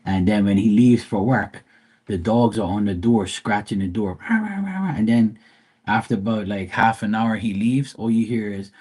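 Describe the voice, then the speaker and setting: Blunt, profane man with a husky low voice. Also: normal speed, a little mellow. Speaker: livestream host. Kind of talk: casual live-stream chat with viewers.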